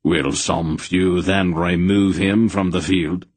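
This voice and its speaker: Smug courtly knight, slow and low, formal speech, read by a man. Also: fairly even intonation, breathy edge, dry recording, exaggerated voice. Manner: formal, unhurried, mock-courteous. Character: haughty, courtly male knight, archaic speech.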